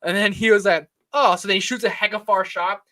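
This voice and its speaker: A man's voice: high voice, steady tone, fast talker, sharp tone, dry recording. A young man co-hosting a casual chat, laid-back and laughing at favorite scenes. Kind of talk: casual live-stream chat.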